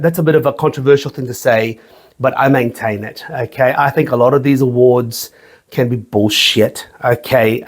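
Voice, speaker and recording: Guy hosting his whisky channel, swears a lot, crude jokes, chatty and rambly. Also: medium pitch. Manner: profane, joking, rambling, says "okay?" often. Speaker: whisky reviewer, channel host. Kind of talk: casual crude review chat.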